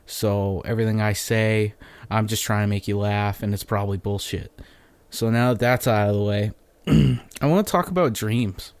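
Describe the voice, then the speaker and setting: A man's voice: on the low side, moderate pace, clean tone, dry recording. A man hosting a solo podcast, telling a story in a rambling, profane, off-the-cuff way, a little phlegmy. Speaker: podcast host.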